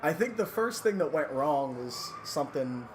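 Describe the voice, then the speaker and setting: A man's voice: on the high side, expressive, normal speed, a little hiss or hum. A man on a podcast, telling a backstage story in a loose, casual way, laughing often between bits. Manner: laughs often mid-story, lots of fillers. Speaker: podcast co-host.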